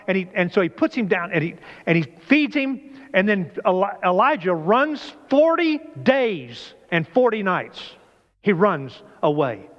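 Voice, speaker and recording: A man preaching a conversational sermon in a church, often asking the congregation questions. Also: high-pitched. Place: church sanctuary. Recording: dull lo-fi church recording with long reverb.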